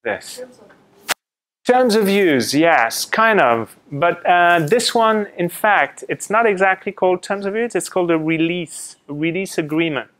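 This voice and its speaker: Lively middle-aged man from France teaching a class. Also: high voice, a little slow. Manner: lively storytelling, quotes others in acted asides. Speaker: guest speaker presenting to students. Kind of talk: classroom talk with questions to students. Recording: fuzzy mic.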